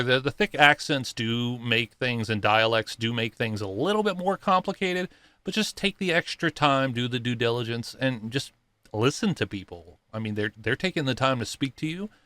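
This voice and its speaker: Bright clear guy reacting to a video, easygoing, kinda musing as he goes. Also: medium pitch, no room sound. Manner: musing, easygoing, pauses often. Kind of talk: casual reaction commentary.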